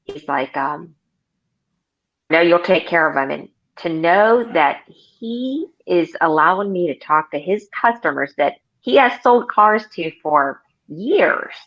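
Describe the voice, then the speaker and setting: A woman's voice: lowish voice, sing-song, slow, muffled recording. A woman in her forties, a car sales consultant, chatting in an interview and telling stories with many fillers and restarts. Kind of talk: casual interview.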